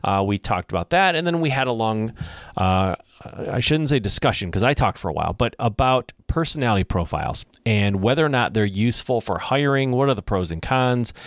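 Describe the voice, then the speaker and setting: A man's voice: fairly low pitch, animated, a little fast, dry recording, clean studio sound. A man hosting a live podcast Q and A, talking casually with many fillers and some self-mocking jokes. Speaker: podcast host.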